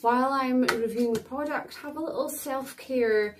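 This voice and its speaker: A woman's voice: high voice, normal speed, distant mic, background noise. Chatty Scottish woman, slightly off-mic. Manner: chatty, rambling, with fillers. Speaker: beauty vlogger. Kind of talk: casual product review.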